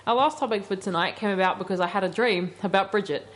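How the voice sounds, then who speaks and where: A woman's voice: medium pitch, fast talker. A young woman co-hosting a casual radio chat show, telling a story animatedly and laughing often.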